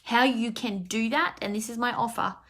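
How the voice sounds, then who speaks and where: A woman's voice: on the high side, moderate pace, a bit bright. Heartfelt, rambling woman life coach. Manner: heartfelt, rambling, with many fillers and restarts. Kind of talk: emotional live talk to followers.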